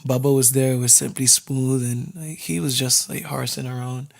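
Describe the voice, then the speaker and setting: A man's voice: medium pitch, level tone, moderate pace, creaky. A man from Barbados, a DJ guest, talking in a laid-back casual way, laughing easily and repeating words. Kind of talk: casual interview chat.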